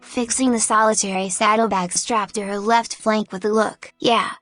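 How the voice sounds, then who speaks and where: A woman narrating a fantasy story at a steady, even pace. Her voice sits at a middling pitch, and faint background music plays beneath the reading. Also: moderate pace, no echo.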